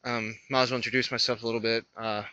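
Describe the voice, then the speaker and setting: Man, twenties, slight lisp, sharp bright voice, hesitant walk-and-talk vlogger recorded on a dull lo-fi camera. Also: mid-range voice, level tone, clean tone, dry recording. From North Carolina. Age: 20s. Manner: halting, hesitant, thinking aloud with many pauses. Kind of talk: rambling walk-and-talk vlog. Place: outdoors on a roadside walk.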